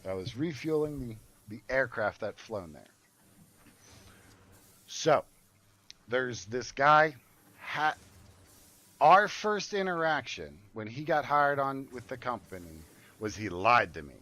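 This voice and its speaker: A man's voice: mid-range voice, lively intonation, slow, long pauses, bright, forceful tone. Profane older man telling a rambling story. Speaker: gaming streamer. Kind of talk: casual storytelling while gaming.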